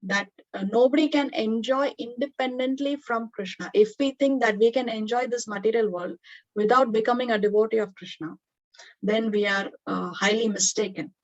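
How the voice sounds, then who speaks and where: A woman's voice: on the high side, normal speed. Earnest woman teaching a scripture class. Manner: earnest, explanatory, many fillers and restarts. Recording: dull lo-fi recording.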